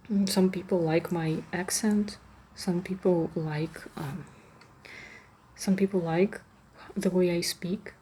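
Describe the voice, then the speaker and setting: Soft-voiced woman with a Russian accent. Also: lowish voice, a little hiss or hum. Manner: soft-spoken, drifting into whispers, emotional, many restarts. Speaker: ASMR creator. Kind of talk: soft-spoken ASMR chat.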